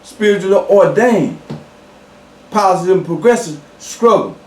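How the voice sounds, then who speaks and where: A man delivers a sermon at a measured, unhurried pace, leaning on repetition and stretching out his emphasis. His voice sits a little high for a man. It carries from some distance off the mic, ringing in a roomy space. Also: animated, a little mellow. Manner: slow, emphatic preaching with repetitions and fillers. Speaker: preacher.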